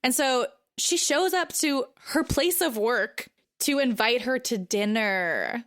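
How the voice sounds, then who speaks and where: Animated woman podcast co-host. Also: a little high, takes it slowly. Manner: animated, slips into quoting characters. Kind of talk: casual film discussion.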